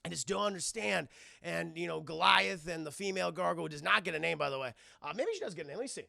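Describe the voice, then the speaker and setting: A man's voice: fairly high pitch, rapid-fire, creaky, pushed and bright, no room sound, studio quality. A young man streaming a comedic cartoon episode recap, irreverent and profane, talking to his chat.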